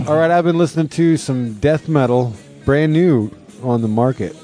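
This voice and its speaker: Guy in his 40s cracking deadpan jokes on a talk show, mellow dark voice, faint music behind. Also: mid-range voice, unhurried, creaky. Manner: jokey, deadpan, making things up. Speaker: radio show co-host. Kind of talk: casual banter.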